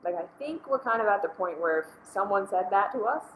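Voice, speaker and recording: A woman's voice: mid-range voice, animated, a little fast, echoey room, a little hiss or hum, rough recording. A woman hosting a casual spoken commentary, earnest and conversational, often dropping "like" between thoughts. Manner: earnest, conversational, frequent "like" fillers. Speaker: host.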